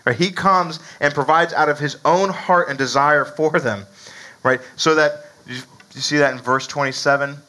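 A man's voice: a little high, fairly even intonation, moderate pace, bright, forceful tone, poor audio. A man preaching a sermon in a conversational way, often asking "right?" and chuckling between points. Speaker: pastor.

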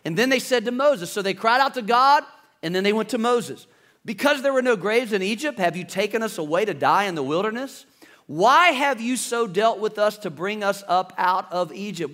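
Male pastor preaching, high voice, dramatic and animated delivery. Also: moderate pace. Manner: preaching with dramatic shifts, acting out panicked voices. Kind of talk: sermon.

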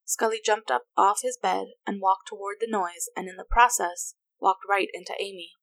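A woman reading a story aloud as narrator, in an even, unhurried manner. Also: mid-range voice, vocal fry, no echo. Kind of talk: reading fan fiction aloud.

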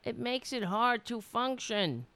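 Woman streaming from home at her computer, candid and chatty, gravelly fry, slow unhurried delivery. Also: a little high, lively intonation, fairly bright tone. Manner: candid, chatty, laughs easily, swears casually. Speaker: political livestream host. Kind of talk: casual livestream talk. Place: home room.

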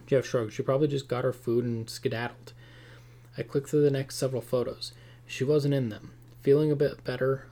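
A man narrating a first-person scary story aloud in a steady, tense delivery. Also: medium pitch.

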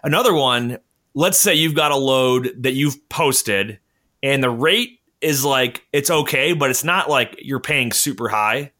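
A man's voice: medium pitch, a little slow, bright, forceful tone. A man hosting a casual talk, explaining things in a chatty way with many fillers and little acted-out phone exchanges. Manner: chatty, lots of fillers, acts out phone calls. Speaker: podcast host. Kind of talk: casual conversational advice talk.

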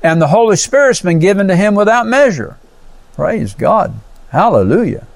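A man's voice: high-pitched, very animated, normal speed, creaky, no echo. A male pastor preaching a sermon, teaching verse by verse with frequent amens and praises. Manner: teaching Bible verse by verse, explaining Greek words.

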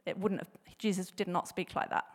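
A woman's voice: lowish voice, brisk. A woman giving a casual, chatty church talk, with frequent fillers and laughter. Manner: chatty, laughs often, many fillers and restarts; animated, acts out bible quotes with voices. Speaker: church speaker.

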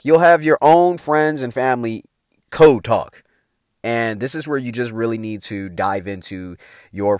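A man's voice: mid-range voice, no room sound, clean studio sound. A middle-aged man giving a motivational talk in a casual, slangy, emphatic way, swearing freely. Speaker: motivational speaker.

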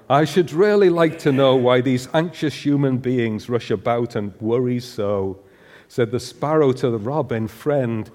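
A man's voice: mid-range voice, darkish tone. An older man giving a humorous sermon, putting questions to the congregation in a church. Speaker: preacher. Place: church hall. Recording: long hall reverb.

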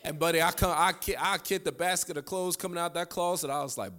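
A man's voice: a little high, fairly quick, hardly any pauses, fairly bright tone. A man preaching a sermon, repeating his lines for emphasis and calling on the congregation to answer back. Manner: fervent call-and-response preaching, repeats phrases.

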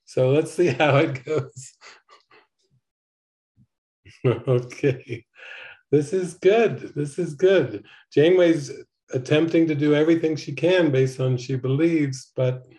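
A man giving slow, earnest spiritual commentary on a TV episode as a teacher. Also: fairly high pitch, mellow.

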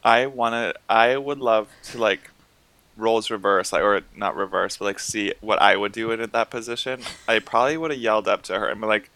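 Man, podcast co-host, crude jokester, lower voice, crisp tense tone, dead-dry room. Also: fairly quick, bright, forceful tone, dry recording. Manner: joking, swears freely, acts out quotes. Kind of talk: casual chat.

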